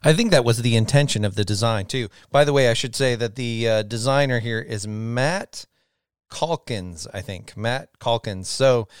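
Measured male co-host, smooth resonant voice, dry close sound. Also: mid-range voice, no echo. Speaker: podcast co-host. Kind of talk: casual chat.

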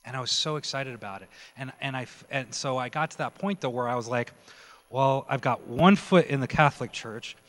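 A man's voice: medium pitch, a little fast. Man giving testimony in a reverberant church. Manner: animated storytelling, acts out quoted dialogue. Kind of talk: testimony sermon. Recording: long hall reverb.

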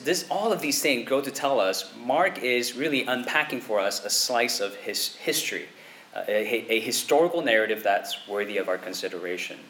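Male pastor, conversational sermon delivery, bright forceful tone, light background ambience. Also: mid-range voice, slight background noise. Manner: conversational preaching with frequent rhetorical "okay?" and "right?".

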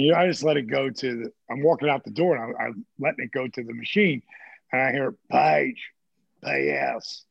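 Older man in his 60s, gravelly and husky, profane animated storyteller, dull recording. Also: medium pitch, dry recording. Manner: profane, animated, acts out quotes. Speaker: guest telling stories. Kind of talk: casual storytelling. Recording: dull, muffled audio.

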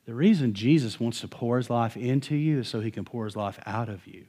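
A middle-aged male pastor preaching a sermon in a conversational, animated way, with touches of humor. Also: medium pitch, fairly quick, husky.

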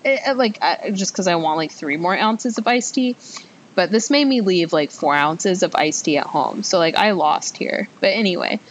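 A woman's voice: lively intonation, moderate pace. Rambling young woman, chatty storyteller. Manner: rambling, chatty, lots of "like" fillers, self-mocking. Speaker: podcast host. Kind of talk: casual storytelling monologue. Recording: faint background noise with low rumble.

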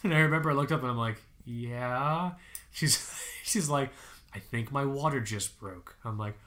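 A young man co-hosting a podcast, telling a personal story in casual chat, animated, laughing often and swearing. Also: medium pitch, moderate pace. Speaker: podcast co-host.

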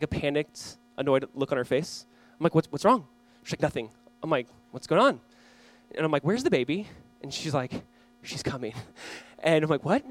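A young man pastor delivers a sermon in a chatty, storytelling way, moving between easy anecdotes and scripture. His voice sits a little high for a man. The sound is close and dry, with almost no room echo. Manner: conversational, animated storytelling with quick asides.

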